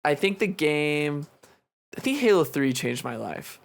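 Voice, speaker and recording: A man's voice: on the high side, sing-song, a little slow, vocal fry. A man in his twenties, a podcast co-host, chatting casually in a loose, rambling way with frequent swearing. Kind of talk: casual chat.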